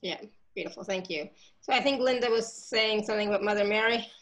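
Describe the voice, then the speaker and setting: A woman hosting a live call, reading out viewer comments in a casual, reassuring, chatty way, her throat catching and gravelly. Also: medium pitch, quick pace, a bit bright. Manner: reassuring, chatty, with many fillers. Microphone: video call.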